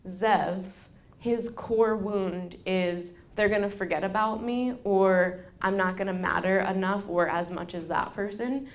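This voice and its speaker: A woman in her thirties hosting a podcast, giving casual parenting advice and telling personal stories, quoting people in a lively way. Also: mid-range voice. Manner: candid storytelling, quotes people in a lively way. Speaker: podcast host.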